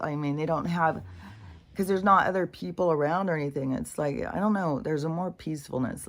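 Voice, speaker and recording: Woman, low voice, casual vlog, rambling, swears freely, lots of fillers, at home in her chair. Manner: meandering, swears freely, many fillers and restarts. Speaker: vlogger.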